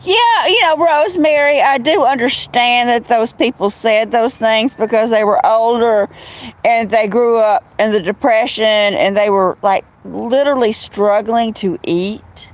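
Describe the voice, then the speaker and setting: A woman's voice: a little high, measured pace, rough recording. A woman chatting casually on a phone livestream at home, greeting viewers by name and telling stories. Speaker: livestream host.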